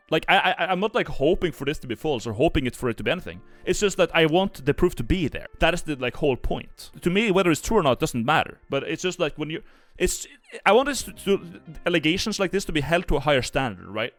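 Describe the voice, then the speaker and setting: Rambling Norwegian man with lively pitch. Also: fast talker, faint music behind. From Norway. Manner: rambling, restarts, many "like" fillers. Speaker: streamer. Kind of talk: casual stream commentary.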